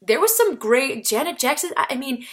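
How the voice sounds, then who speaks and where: A chatty woman talks straight to the camera in a casual vlog. Her voice sits fairly high, and she keeps it lively, leaping up in pitch to stress a word. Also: moderate pace. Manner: animated, chatty, jumps in pitch for emphasis. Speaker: vlogger, comedian and solo performer.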